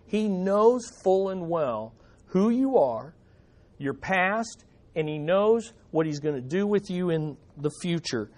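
A male pastor delivers a sermon in a high, ringing voice. He is animated, keeps putting rhetorical questions to the congregation, and speaks to a church gathering. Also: takes it slowly.

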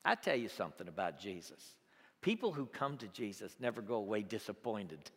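A man preaching a sermon, moving between loud exclamations and quiet, conversational asides. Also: fairly low pitch, very animated, fairly quick, breathy edge. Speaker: pastor. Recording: long reverb of a large hall.

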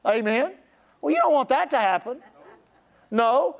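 In a very high, creaky voice with lively intonation, a middle-aged pastor delivers a sermon. He drags out key words preacher-style and has listeners repeat after him.

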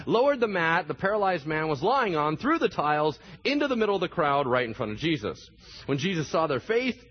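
A man's voice: a little high, husky, lo-fi sound. A man preaching a sermon, telling the story with animation and acting out the voices of the people in it. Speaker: pastor.

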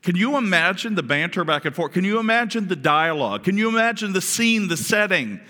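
Male pastor, bright, conversational sermon, reverberant church hall. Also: sits high, fairly quick. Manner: animated, conversational, asks the congregation questions.

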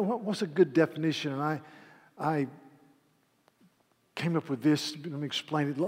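A man preaching a sermon, earnest and dramatic, retelling a scripture scene with hushed, quoted lines. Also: a little high. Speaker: pastor. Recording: long hall reverb.

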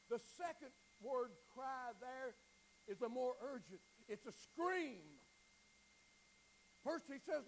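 A man preaching a sermon, swinging from near-shouted pleading down to hushed, quiet passages, often repeating words as he builds. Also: extremely high pitch, expressive, unhurried, creaky, slight background noise, low-quality recording. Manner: repeats words and restarts lines.

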